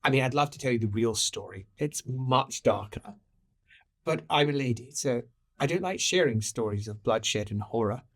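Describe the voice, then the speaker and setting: A game master voicing a prim lady investigator who speaks softly and low, probing with questions. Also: animated, moderate pace.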